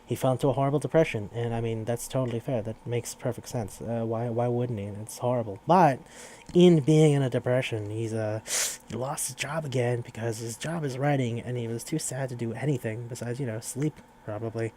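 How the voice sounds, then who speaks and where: A man giving a loose, rambling recap with a mellow, darker tone. His delivery is profane and casual, full of fillers and restarts. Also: medium pitch, moderate pace, a little hiss or hum. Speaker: podcast host.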